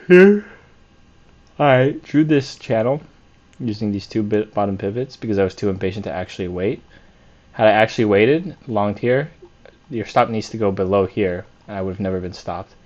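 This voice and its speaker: A man's voice: lowish voice, fairly quick, darkish tone, muffled recording. A man reviewing his week of trades on a chart, candid and self-critical, thinking aloud with fillers and restarts. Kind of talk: screen-share trade review.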